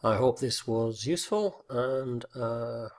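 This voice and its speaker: A man explaining a teaching point in an instructional video lesson, speaking deliberately with fillers and repeating example words with exaggerated stress. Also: medium pitch. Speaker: teacher trainer.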